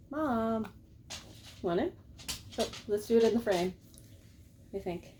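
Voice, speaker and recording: A woman's voice: a little high, lively intonation, unhurried, long pauses, warm tone, slight background noise. A woman dog trainer at home in her living room, explaining her method and coaxing her dog in a sing-song voice. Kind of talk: casual home training demo.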